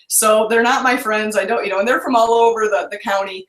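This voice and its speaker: A woman's voice: fairly high pitch, steady tone, a little fast, background noise. Chatty upbeat lady on a video call, kinda echoey room. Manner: bubbly, chatty, laughs easily. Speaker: guest business owner. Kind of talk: casual interview chat. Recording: roomy echo.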